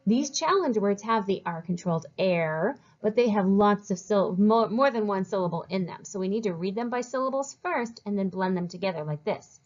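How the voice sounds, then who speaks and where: A woman teaching a phonics lesson to children, slowly modeling each sound and encouraging them to read along. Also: medium pitch, lively intonation, dull audio.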